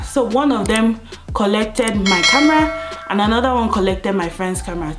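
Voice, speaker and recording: A young Nigerian woman with a Nigerian accent tells a story to camera in a casual, animated way, mimicking other people's voices as she goes. Faint music plays softly in the background. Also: moderate pace. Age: young adult. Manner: animated, acts out police voices in higher pitch. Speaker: vlogger.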